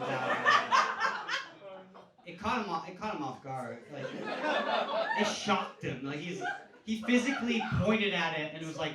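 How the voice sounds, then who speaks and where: A man in his thirties telling stories in a stand-up comedy set, casual and conversational, now and then breaking into loud yelling for the punchline. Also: on the high side, background noise. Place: comedy club stage before a laughing audience. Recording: roomy club sound, caught from a distance.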